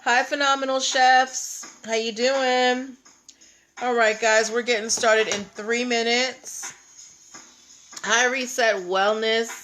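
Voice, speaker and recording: A woman's voice: fairly high pitch, fairly bright tone, slight background noise. A woman hosting a casual livestream, chatting with viewers and greeting them by name. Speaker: livestream host.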